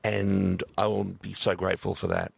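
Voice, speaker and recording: A man's voice: low voice, little pitch movement, normal speed, vocal fry, husky, no echo. A man co-hosting a radio chat, agreeable and reading scripture aloud. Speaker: radio co-host.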